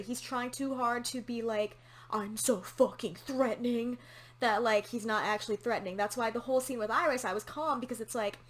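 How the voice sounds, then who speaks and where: A woman's voice: a little high, fairly bright tone. A woman hosting a casual TV episode reaction, candid and opinionated, swearing casually as she talks. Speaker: reaction channel host.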